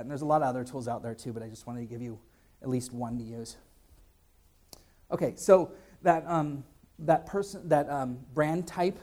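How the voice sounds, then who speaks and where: A man's voice: medium pitch, dark tone. A man giving a casual conference presentation and answering audience questions, with many fillers and restarts. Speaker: conference speaker. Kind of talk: live presentation and Q&A.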